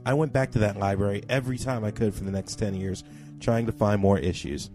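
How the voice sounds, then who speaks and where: A man co-hosting a podcast, reading a listener's email aloud with expressive emphasis, then chatting casually. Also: on the low side, a little fast, faint music behind. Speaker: podcast co-host.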